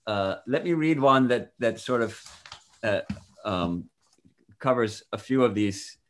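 A man's voice: on the low side, lively intonation, slow, fairly bright tone. A man as an interview guest, earnestly explaining and commenting on accounts he reads out.

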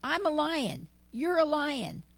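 A woman voicing a motherly lioness in a spoken parable, gently insistent and coaxing. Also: high voice, big pitch swings, slow pace, vocal fry, no room sound, pitched above the performer's own voice, full character voice. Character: motherly female lioness, firm and patient.

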